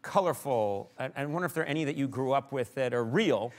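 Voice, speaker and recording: A male talk-show host interviews his guest on a studio set. He speaks at an ordinary middle pitch and keeps the exchange playful and teasing. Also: animated, quick pace. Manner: playful, bantering.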